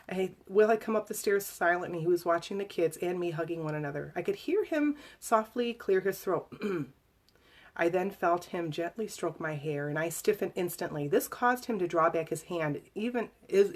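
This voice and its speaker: A woman with a fairly low voice reads her own memoir aloud to people listening live. Her delivery is emotional and halting, full of fillers and restarts as she works through the text. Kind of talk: memoir reading to a live audience.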